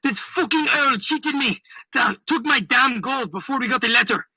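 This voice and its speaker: A man voicing a furious, hot-headed male pirate captain who yells his lines. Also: very high-pitched, moderate pace, slightly rough, dry recording, pitched above the performer's own voice, exaggerated voice. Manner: yelling, enraged.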